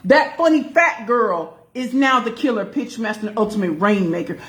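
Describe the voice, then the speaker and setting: Woman doing a live stream, bouncy voice going way up and down, shouts out viewers by name, lots of y'all. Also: fairly high pitch, moderate pace, few pauses. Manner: animated, calls out greetings to viewers by name; folksy, addresses the audience as y'all. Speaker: pitch coach hosting a live stream. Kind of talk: casual live-stream chat.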